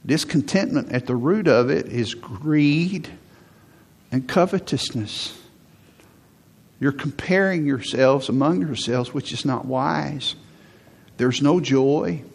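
A man's voice: mid-range voice, husky. A man preaching a conversational sermon to a congregation, often acting out what people say. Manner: conversational preaching, acts out quotes. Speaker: pastor.

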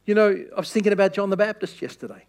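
A man preaching a sermon with impassioned, repeated appeals that swing from loud to hushed. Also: high voice, lively intonation, very fast.

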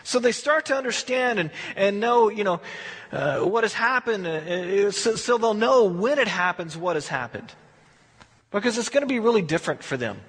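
A man's voice: high-pitched, moderate pace, husky, in a large hall. A man teaching a verse-by-verse Bible study in a folksy, conversational way, acting out the quotes. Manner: folksy, animated, acts out quotes.

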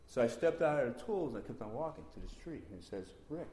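A man giving a rambling, repetitive spoken testimony in a church meeting room, breaking into sudden excited bursts. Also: medium pitch, fast. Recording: roomy echo.

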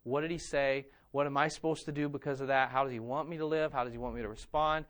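A man preaching a sermon as pastor, earnest and emphatic, repeating phrases and dropping soft and low in reflective passages. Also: steady tone, quick pace.

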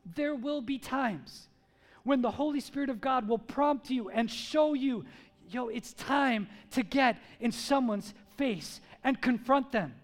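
A pastor preaching a sermon, swinging from loud, emphatic calls to hushed storytelling. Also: male voice, extremely high pitch, slow pace, in a large hall.

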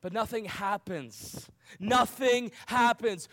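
A man's voice: sits high, unhurried, fairly bright tone. A man preaching a sermon to young people, earnest, with rhetorical questions and emphatic repetition. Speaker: youth pastor.

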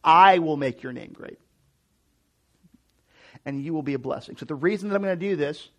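A man in his thirties preaching a sermon, conversational and animated, with frequent restarts and asides. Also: fairly high pitch. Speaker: pastor.

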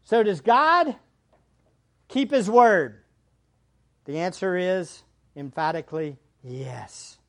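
A man preaching a sermon as pastor, swinging between hushed asides and loud emphatic lines. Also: a little high, normal speed.

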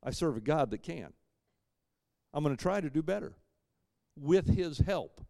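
A man's voice: fairly high pitch, expressive, measured pace, gravelly, no echo. Emphatic preaching man, dry sound. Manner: emphatic, with dry joking asides; swings between loud punches and quiet asides. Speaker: pastor. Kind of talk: sermon.

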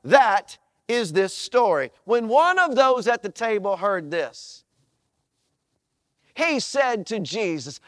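A man's voice: sits high, very animated, slow, fairly bright tone, no echo, studio quality. A male pastor preaching a sermon in an emphatic, conversational way, repeating phrases for weight.

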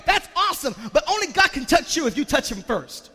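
A man preaching a sermon as a pastor, asking the congregation questions, repeating words and rising to shouts. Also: very high voice, big pitch swings, a little fast, few pauses, in a large hall. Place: church sanctuary.

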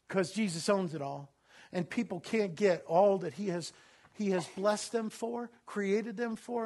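A man with a strikingly high voice preaches a sermon to his congregation. He gets loud and laughing in his stories, then drops low and quiet to read scripture. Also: breathy edge. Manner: animated preaching, swinging from loud laughing bursts to low solemn reading. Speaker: pastor.

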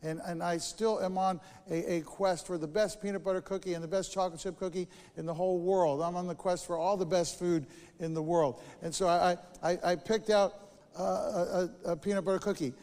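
Man, pastor, chatty sermon storytelling, high voice, long church echo. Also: steady tone, a little fast, a little mellow. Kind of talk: sermon with personal stories. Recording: echoey church hall.

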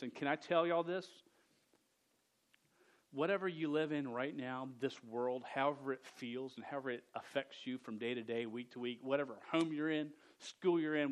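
A man delivers a sermon in an earnest voice that sits in a middle pitch range. He has a stutter and often repeats sounds and words before pushing on, and he speaks directly to a young audience. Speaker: preacher.

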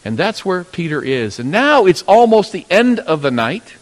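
A man preaching a sermon, telling a Bible story and acting out its characters in sudden loud bursts. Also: high-pitched, sing-song, moderate pace. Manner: storytelling, acting out voices of biblical figures with sudden loud rises. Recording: long hall reverb.

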